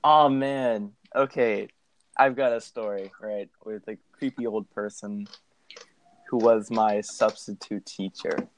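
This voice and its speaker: Animated young man telling a story. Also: on the low side, slow pace, a little hiss or hum. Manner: animated, swears often, laughs loudly. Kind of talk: casual chat, storytelling.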